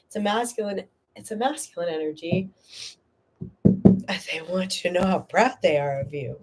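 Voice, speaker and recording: Streaming a live tarot reading without a moderator, a woman speaks at normal speed in a medium-pitched, steady, slightly mellow voice. She addresses viewers by name in an earnest, spiritual way, with fillers, restarts, and occasional emotion.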